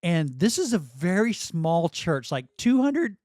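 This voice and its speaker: A middle-aged man tells a story with lots of energy and swings his pitch up and down as he acts out what people said. His voice sits a little high for a man. The recording is dry and close. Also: a little slow, no room sound. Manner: animated storyteller, acts out quotes, laughs often. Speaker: guest. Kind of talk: storytelling in a podcast conversation.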